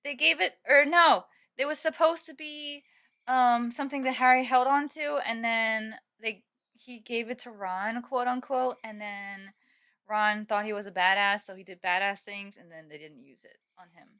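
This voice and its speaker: A woman's voice: fairly high pitch, steady tone, moderate pace, pushed and bright. A young woman live-streaming from home, chatting casually with viewers and laughing often. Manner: giggly, chatty, reads chat aloud.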